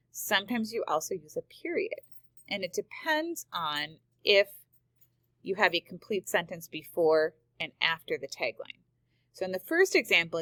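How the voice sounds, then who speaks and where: In a screen-recorded grammar lesson, a woman teacher explains punctuation rules step by step and reads example sentences aloud. Her voice is fairly low and sharp in tone, with no room sound.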